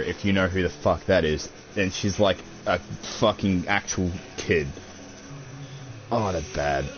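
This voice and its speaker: A young man, chatting casually and crudely while unboxing, swearing a lot and calling everyone dude and bro. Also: low-pitched. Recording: dull lo-fi audio with faint music.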